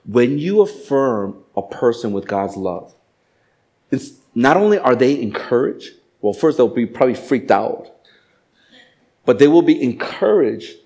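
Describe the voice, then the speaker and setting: A middle-aged male pastor preaching a sermon, animated and joking, acting out little voices. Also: medium pitch, unhurried. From Asian family background. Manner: animated, acts out voices and jokes.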